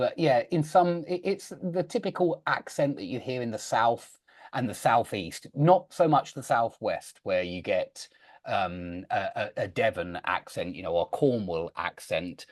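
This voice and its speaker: A man's voice: lowish voice, measured pace, no room sound. A man from the south of England with a Southeast English accent close to RP, chatting and explaining words to an online class with many restarts, heard over a video call. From Southend, Essex, England. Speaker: English teacher. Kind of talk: online group class talk.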